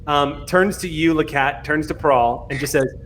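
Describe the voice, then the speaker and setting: A man narrating a tabletop role-playing game as game master. He describes scenes in a relaxed way and laughs easily with the players. His voice sits slightly higher than most men's, with faint noise behind it. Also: normal speed.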